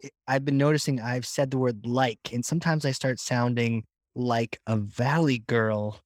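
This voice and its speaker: A man's voice: mid-range voice, fairly even intonation, moderate pace, no room sound, clean studio sound. A man hosting a podcast interview, asking questions with friendly jokes. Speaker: podcast host.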